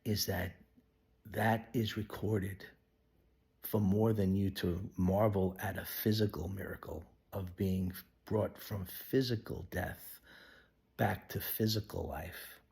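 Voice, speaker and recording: A man giving an earnest devotional Bible teaching, sometimes dropping to a hushed whisper. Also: low voice, fairly even intonation, takes it slowly, vocal fry, breathy edge. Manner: acts out quoted voices of people in the story. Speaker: pastor.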